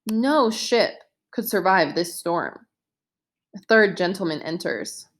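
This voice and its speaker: A woman slowly reading a modern retelling of a play aloud, with light shifts for each character. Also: on the low side, expressive. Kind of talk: audiobook narration.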